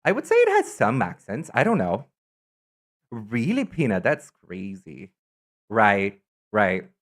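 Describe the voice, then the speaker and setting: A man's voice: lowish voice, huge pitch swings, takes it slowly. A man from Brazil with a São Paulo Brazilian accent, a native Portuguese speaker, chatting casually and rambling as he reads viewer comments on a stream.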